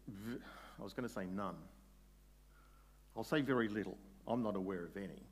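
A man preaching a sermon in a conversational way, putting questions to his listeners and slowing down on key words. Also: on the low side. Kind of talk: sermon, Bible exposition.

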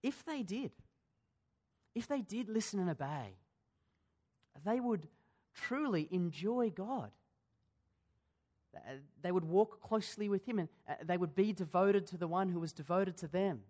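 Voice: mid-range voice, expressive, unhurried, pauses often, a little mellow. A pastor preaching a sermon in a church, in a conversational way, asking the congregation questions and often restarting his sentences.

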